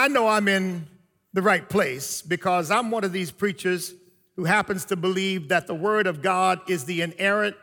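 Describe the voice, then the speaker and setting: A man delivers a sermon in a very high, bright voice. He leans on emphatic pauses and stretches his phrases out slowly. His voice rings with long reverb, as in a large hall. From United States. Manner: preaching with emphatic pauses and slow drawn-out phrases. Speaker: preacher.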